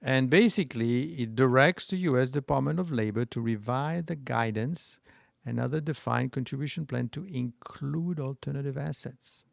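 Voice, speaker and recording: Hosting his stock market channel's livestream, a middle-aged Frenchman talks loosely, restarts often, and responds to chat. He speaks at medium pitch and normal speed in a gravelly voice, and the recording is dry.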